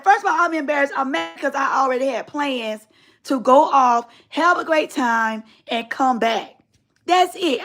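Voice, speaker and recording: A middle-aged woman with a high voice tells a personal story on her live stream. She talks in a casual, colloquial way and leans hard on her emphasis. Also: fairly bright tone.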